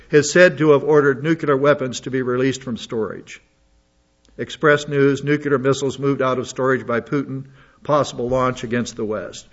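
A man reading news articles aloud and adding his own comments and asides. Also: medium pitch. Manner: reads aloud with asides and restarts. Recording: dull lo-fi audio.

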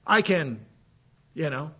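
A man's voice: fairly high pitch, big pitch swings, takes it slowly, pushed and bright, slightly rough. A man preaching a sermon in a folksy, conversational way, full of asides, while he is sick with a cough. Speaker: pastor. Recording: dull lo-fi sound.

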